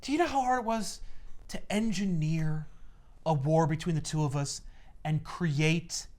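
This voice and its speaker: A man's voice: on the high side, unhurried, darkish tone, lightly acted. A man voicing an unhinged male supervillain mastermind in a comic retelling, frantic and desperate. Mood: bitter. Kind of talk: comic retelling with put-on voices.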